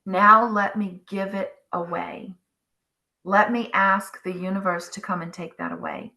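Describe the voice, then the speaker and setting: A middle-aged woman hosting a spiritual wellness talk, calmly guiding listeners and acting out their inner thoughts. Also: medium pitch. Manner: slow, soothing, acts out inner voices. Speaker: spiritual wellness channel host. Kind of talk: guided self-help talk.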